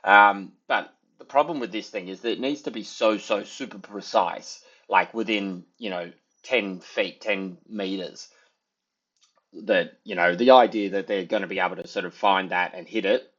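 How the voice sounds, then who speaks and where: A man's voice: sits low, moderate pace, fairly bright tone, slightly rough. A man giving casual, rambling commentary over trading charts, full of filler phrases. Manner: rambling, full of "sort of" and "you know". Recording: dull lo-fi sound.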